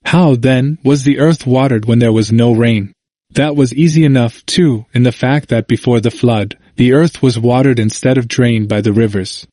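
Man reading scripture, slow and deliberate. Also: medium pitch, mellow, no room sound, clean studio sound. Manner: slow, deliberate phrasing in short clauses. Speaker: reader of a Bible commentary. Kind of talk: measured scripture reading and commentary.

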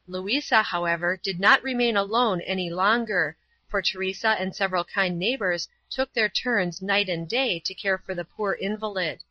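A woman's voice: medium pitch, moderate pace, bright, forceful tone, dry recording, lo-fi sound. Woman reading a storybook aloud. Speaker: audiobook reader. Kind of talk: scripted narration.

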